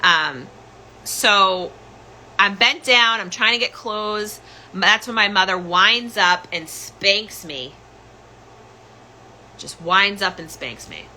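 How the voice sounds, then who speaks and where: A woman's voice: medium pitch, takes it slowly, long pauses, bright, forceful tone, slight background noise, low-quality recording. A woman hosting a podcast, telling a personal story in an urgent, candid way with many restarts. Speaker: podcast host telling her own story.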